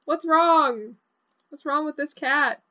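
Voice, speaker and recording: A young woman giving casual, excitable commentary over a video game, often breaking into laughter. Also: high-pitched, takes it slowly, dull audio. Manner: giggly, excitable, shrieks with laughter. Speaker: gaming vlogger.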